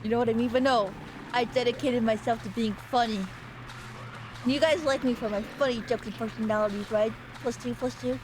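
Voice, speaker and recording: Woman streamer, fairly high voice, playful and rambling, teasing her chat, now and then a squeaky yell; clear hiss behind her. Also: steady tone, fairly quick. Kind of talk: casual gaming livestream chat.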